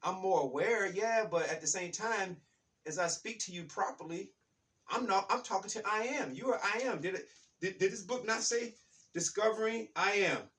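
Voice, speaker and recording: A man giving an emphatic, repetitive motivational talk like a preacher, building to loud peaks. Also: sits high, normal speed, recorded from a distance. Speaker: author and self-help speaker.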